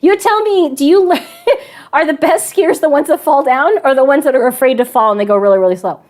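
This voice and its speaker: Brief: high-pitched woman teacher, chatty storyteller who laughs often. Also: brisk, darkish tone. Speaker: math and science teacher. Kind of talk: storytelling to students in an online class.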